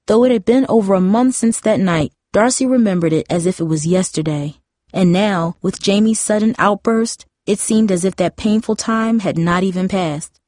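A woman narrating a storybook in a steady, measured reading. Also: lowish voice, no room sound, studio quality.

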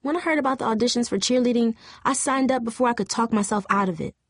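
A woman's voice: a little high, fast, no room sound, studio quality, pitched above the performer's own voice, lightly acted. A woman reading an audiobook, voicing a tearful, bitter teenage girl cheerleader in a shaky, raised voice. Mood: upset. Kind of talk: audiobook character voice.

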